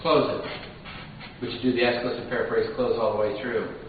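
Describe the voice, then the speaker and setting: A man's voice: medium pitch, a little fast, a little hiss or hum. A man giving a live sales training seminar, telling stories with energy and acting out customers' lines. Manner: animated storyteller, acts out customers' lines. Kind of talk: live seminar talk to a class. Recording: dull, echoey hall from far off.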